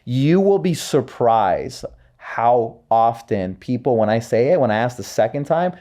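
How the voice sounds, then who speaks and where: Mellow-voiced man hosting podcast. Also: mid-range voice, expressive, unhurried. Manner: reflective, coaching tone, repeats words. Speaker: podcast host. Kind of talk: casual podcast conversation.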